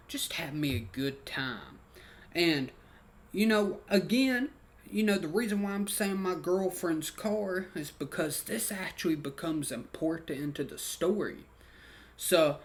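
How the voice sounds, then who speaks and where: A man's voice: on the high side, a bit bright. A young man telling a story casually in a rambling, profane way, with slangy dialect grammar and constant "you know" fillers. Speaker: vlogger.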